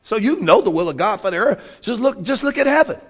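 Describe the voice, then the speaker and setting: A man preaching a fervent sermon, shouting his points and calling out hallelujahs. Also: high voice, lively intonation, fairly quick, slightly rough.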